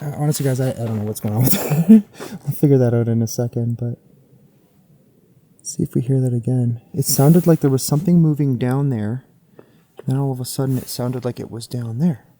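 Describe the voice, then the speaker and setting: A man's voice: medium pitch, dark tone, slight background noise. A man exploring a wet forest at night, talking to viewers into a handheld camera. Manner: jumpy, talking to viewers while filming. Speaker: paranormal explorer vlogger. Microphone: handheld camera or phone.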